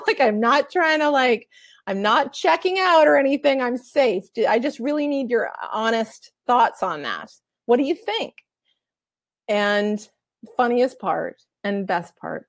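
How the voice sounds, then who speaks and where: A middle-aged woman telling a heartfelt personal story, earnest and animated, often laughing and acting out the voices of others. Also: on the high side, dry recording, studio quality. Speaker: author and coach.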